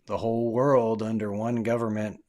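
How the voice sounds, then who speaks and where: A man's voice: lowish voice, little pitch movement, moderate pace, a little mellow. A man who runs a ministry, talking as a podcast guest in a casual, earnest way, full of "like" and "dude". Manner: earnest, storytelling, fillers like "dude" and "like". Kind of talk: casual chat.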